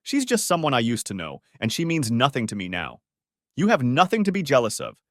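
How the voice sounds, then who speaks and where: A man voicing a former special forces officer who reassures his wife in an earnest, steady way. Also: mid-range voice, fairly quick, no echo, clean studio sound.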